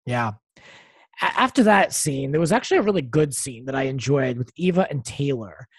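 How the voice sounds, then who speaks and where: Chatty co-host, opinionated, casual podcast banter, mid pitch, very dry close mic. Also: animated, husky, no echo. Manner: chatty, opinionated, quick asides. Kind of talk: casual chat recapping reality TV.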